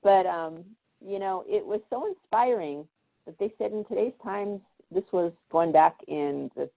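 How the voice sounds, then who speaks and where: Heard on a video call that sounds tinny and phone-like, a woman guest chats casually and tells stories, voicing the characters with animation. She speaks a little slowly in a mid-range, gravelly voice.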